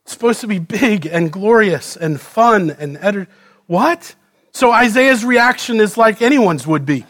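A pastor with a high, light male voice delivers a sermon. He shifts from raised pleading cries to hushed, low-toned scripture reading, with plenty of dramatic emphasis. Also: animated, measured pace.

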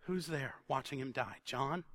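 Bright-voiced man preaching a sermon. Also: mid-range voice, unhurried. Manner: conversational, animated, repeats words for emphasis; drops to a quiet intense tone on solemn points.

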